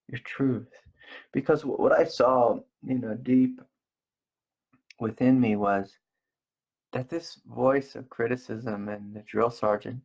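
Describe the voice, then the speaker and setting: A middle-aged man giving a gentle, slow spiritual talk as a meditation teacher, repeating phrases softly. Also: mid-range voice, vocal fry, slightly rough. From United States. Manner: slow, gentle and soft-spoken with repetitions.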